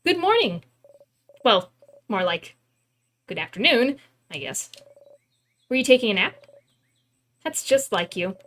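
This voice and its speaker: A woman's voice: on the high side, big pitch swings, a little slow, long pauses. Mirabelle, a cheerful young woman read by a woman. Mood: affectionate. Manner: gentle, encouraging wake-up calls.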